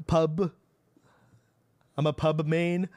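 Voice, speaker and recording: A man's voice: a little high, flat delivery, drawn-out words, a little mellow, no echo, studio quality. A man voicing a mock British pub-going bloke in a clownish, exaggerated fake British accent, full of clipped slang.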